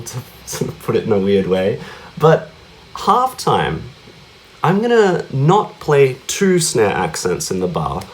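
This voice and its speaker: A man teaching cajon rhythms in a casual lesson, often checking in with questions like "yeah?" and "right?". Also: mid-range voice. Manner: chatty, asks many tag questions like yeah and right; counts out beats and vocalizes drum sounds.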